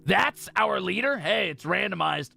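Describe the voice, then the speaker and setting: A man streaming a game in casual commentary, reading game text aloud with excited asides. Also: high voice, a little slow, vocal fry, soft background music.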